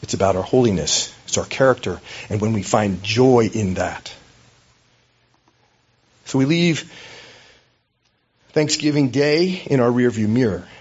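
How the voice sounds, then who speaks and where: A man's voice: mid-range voice, measured pace, long pauses, darkish tone, breathy edge, lo-fi sound. A man preaching a sermon as a pastor, in a conversational, storytelling way with hesitations.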